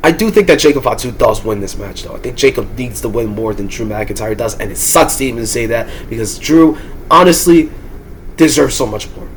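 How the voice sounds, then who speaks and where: A man losing his voice, giving heated, frustrated wrestling predictions in a ranting vlog and breaking into loud, swearing outbursts. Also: medium pitch, animated, fairly quick, slight background noise. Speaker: wrestling commentator and YouTuber.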